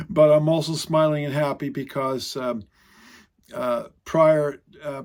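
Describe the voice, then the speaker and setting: A man's voice: medium pitch, a little mellow. A man giving a casual Bible teaching to an online congregation, rambling and often correcting himself mid-sentence. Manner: rambling, self-correcting, frequent filler sounds.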